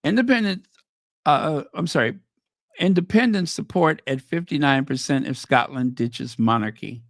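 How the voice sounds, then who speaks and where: A man's voice: fairly high pitch, normal speed, no echo, studio quality. A man hosting a commentary channel, reading news headlines aloud and reacting to them with casual, opinionated asides.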